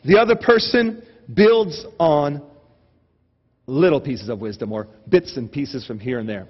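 A pastor with a fairly high voice delivers a sermon, telling a comic story with lively energy. The recording is muffled, and a long reverb trails his voice through the hall. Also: a little slow, slightly rough. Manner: animated, humorous storytelling.

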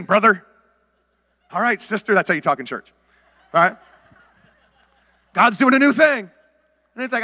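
A middle-aged pastor preaching with a high, bright voice that carries through a large, echoing sanctuary. He tells his story animatedly, acting out his own past words and calling out to the people in front of him. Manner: calls out to the congregation. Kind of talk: sermon. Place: church sanctuary. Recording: long hall reverb.

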